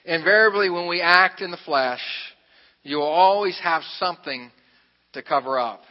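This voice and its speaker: A man's voice: high-pitched, normal speed. A man preaching a sermon, telling a personal story in a conversational, self-deprecating way, with asides to the congregation. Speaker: pastor. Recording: reverberant, muffled hall recording.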